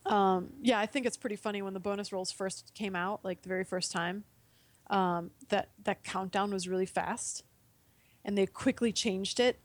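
A woman's voice: medium pitch, steady tone, normal speed, dry recording. Chatty laughing woman, dry close sound. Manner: chatty, laughs often, acts out her own thoughts. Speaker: podcast guest from a gaming website. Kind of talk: casual chat.

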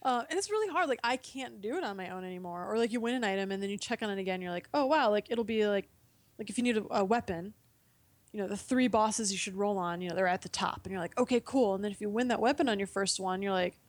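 A woman's voice: mid-range voice, fast talker, no echo. A young woman in casual chat as a podcast guest, laughing often and acting out her own reactions. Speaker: podcast guest from a gaming website.

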